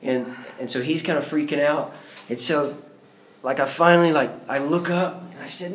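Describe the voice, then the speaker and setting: A man's voice: mid-range voice, steady tone, moderate pace. A man giving an earnest personal faith testimony that builds into fervent, preacher-like outbursts. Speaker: guest sharing a faith testimony. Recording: roomy echo.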